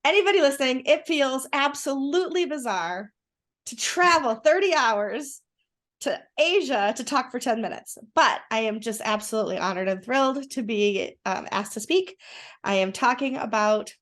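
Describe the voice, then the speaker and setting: Excited talkative woman, fairly high voice. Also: moderate pace. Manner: enthusiastic, rambling with restarts. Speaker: guest. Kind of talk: casual conversation.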